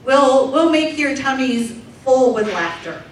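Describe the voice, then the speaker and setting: A woman sign language interpreter voices a deaf comedian's stand-up set for a live audience, delivering it in a lively, animated way. Her voice is high-pitched and unhurried, and the recording is echoey and distant, made in a large room with slight background noise.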